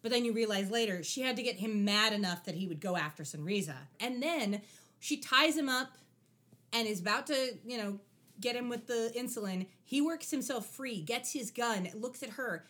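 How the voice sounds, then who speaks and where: A young adult woman with a somewhat high voice hosts a casual podcast chat. She recaps a TV episode in a wry, animated way, her pitch leaping around as she talks. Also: moderate pace. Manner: animated, wry, acts out lines from the show. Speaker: podcast co-host.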